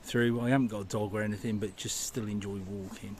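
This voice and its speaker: A man with a lowish, fairly flat voice talks quickly, with a slight hiss or hum in the recording. He's a walking vlogger narrating a history vlog outdoors along a river and woodland path, sounding enthusiastic and full of wonder.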